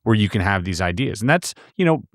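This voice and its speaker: A man's voice: fairly low pitch, very animated, fairly quick, no echo, clean studio sound. A man hosting a podcast who talks in a reflective, casual way with frequent fillers. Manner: reflective, with many fillers like "you know". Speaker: podcast host. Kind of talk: casual interview chat.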